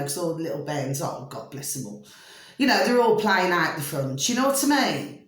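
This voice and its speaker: A middle-aged woman with a homely, rambling way of talking, chatting about spiritual matters in a vlog. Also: on the low side. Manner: rambling, homely, fond of mild slang like "flipping" and "blooming". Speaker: vlogger. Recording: very echoey room.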